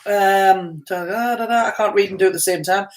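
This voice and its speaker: A woman's voice: mid-range voice, fairly quick. A woman co-hosting a casual live stream who teases her partner and reads viewer comments aloud. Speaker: co-host and chat moderator.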